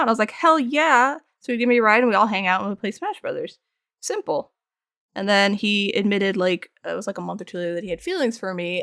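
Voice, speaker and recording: A woman's voice: medium pitch, no room sound. Chatty woman streamer in a dry room. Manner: animated storytelling, acts out quoted lines, frequent laughs. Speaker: art streamer. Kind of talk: casual chat while painting on stream.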